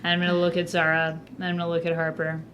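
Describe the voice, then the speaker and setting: A woman's voice: fairly low pitch, monotone, racing, a bit bright, highs cut off, slight background noise. A woman playing her character in a tabletop game, speaking in a dry, matter-of-fact way. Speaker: player.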